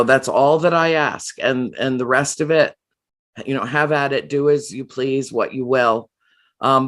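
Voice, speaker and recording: A woman guest telling a personal story in an earnest, emotional way, often pausing and restarting her sentences. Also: a bass voice, fairly bright tone. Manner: emotional, halting with frequent restarts and fillers.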